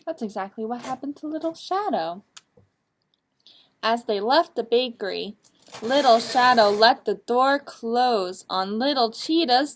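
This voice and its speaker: A woman librarian reading a picture book aloud at children's story time, asking the young listeners animated, coaxing questions. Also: on the high side, measured pace, slight background noise. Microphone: streamed live.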